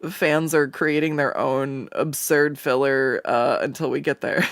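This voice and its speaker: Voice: medium pitch, fairly even intonation, unhurried, a bit bright, dry recording. A livestreaming artist chatting casually while drawing, rambling with profanity and stumbling restarts, on a desk microphone at a home setup.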